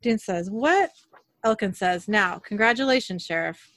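A woman's voice: mid-range voice, no echo. Dry-voiced woman recapping scenes. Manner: narrates scenes briskly, quoting characters in near-own voice. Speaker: podcast host recapping an episode. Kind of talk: casual recap, reading scene lines aloud.

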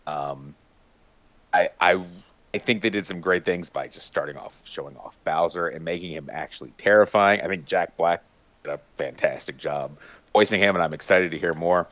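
Deep-voiced enthusiastic man in casual chat. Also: moderate pace, a bit bright, no echo. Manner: enthusiastic, rambling with many fillers and restarts; mimics voices with sudden high-pitched bursts. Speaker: podcast panelist.

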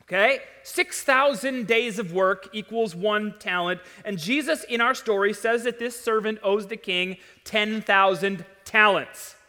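Male pastor, bright voice, lively sermon delivery, long echo of a church hall. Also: sits high, unhurried, few pauses. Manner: animated, rising to loud emphatic peaks. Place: church sanctuary.

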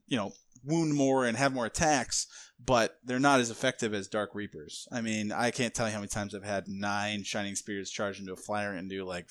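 A man's voice: fairly low pitch, fairly bright tone, no echo. A man hosting a podcast in casual chat, blunt and analytical with some swearing. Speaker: podcast host.

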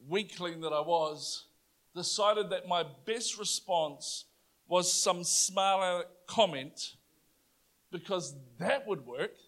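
A young adult man with a New Zealand accent, preaching a sermon, telling a personal story with animated energy that rises to loud declarations. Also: high voice.

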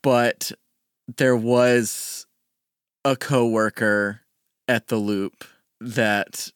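Halting man at a tabletop game. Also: medium pitch, fairly even intonation, smooth, dry recording. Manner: halting, hesitant, many fillers. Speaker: player. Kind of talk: tabletop role-play, casual chat.

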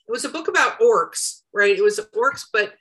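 A woman hosting a casual podcast chat, animated and acting out quotes, with a cough now and then. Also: fairly high pitch, moderate pace, slight background noise, low-quality recording. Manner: animated, acts out quotes with shifting voices. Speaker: podcast host and editor.

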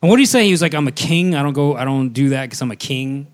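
A man's voice: medium pitch, animated, quick pace. A man co-hosting a casual comedy podcast, telling crude stories and laughing as he goes. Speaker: podcast co-host.

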